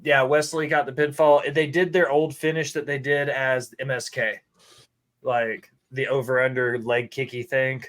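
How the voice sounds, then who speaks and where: A man co-hosting a wrestling podcast, talking in an animated, joking way with some swearing. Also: medium pitch, moderate pace. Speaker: podcast co-host. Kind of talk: casual chat.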